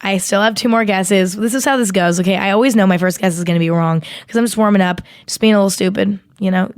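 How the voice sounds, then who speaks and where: A woman's voice: medium pitch, fast, no room sound, clean studio sound. A young woman hosting a podcast, chatting casually and rambling with lots of "like". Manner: chatty and rambling, heavy use of "like". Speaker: podcast host. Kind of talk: casual chat with a sponsor read.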